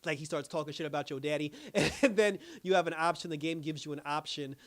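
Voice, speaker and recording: A young man giving a casual, animated review on his own channel, laughing often and restarting his sentences. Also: a little high, fast talker. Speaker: YouTube reviewer.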